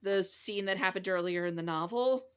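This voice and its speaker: Bright-voiced thoughtful woman co-host. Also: mid-range voice, normal speed, clear, resonant tone. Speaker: podcast co-host. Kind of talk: casual chat.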